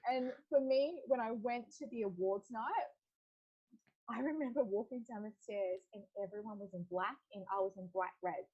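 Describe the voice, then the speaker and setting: A young woman tells her story as a podcast guest, slightly high and husky. She is animated and laughs easily. She acts out the lines of other people as she goes. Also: normal speed, lo-fi sound. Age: young adult. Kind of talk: casual storytelling.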